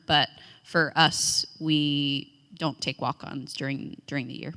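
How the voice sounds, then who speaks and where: A woman speaking as a Division One college coach on a panel, measured and frank. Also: low-pitched, steady tone, bright, forceful tone, big-room sound. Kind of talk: panel discussion.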